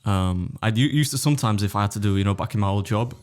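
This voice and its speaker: A man's voice: lowish voice, fast, a little mellow. Blunt, sweary man. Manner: blunt, sweary, dry teasing. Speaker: podcast co-host. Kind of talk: casual chat.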